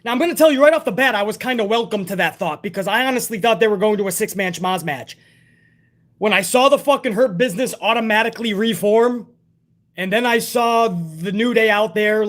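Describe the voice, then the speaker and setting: Profane, ranting man with a high voice. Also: a bit bright. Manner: profane, exasperated, sarcastic ranting. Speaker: wrestling show reviewer. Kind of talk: casual ranting review.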